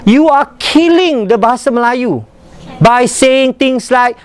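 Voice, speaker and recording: A man's voice: very high-pitched, a little slow, background noise. A man from Malaysia with a British-leaning English accent, teaching an English workshop and demonstrating intonation. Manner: animated, demonstrative, mixes in Malay phrases. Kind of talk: classroom lesson on pronunciation. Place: workshop classroom.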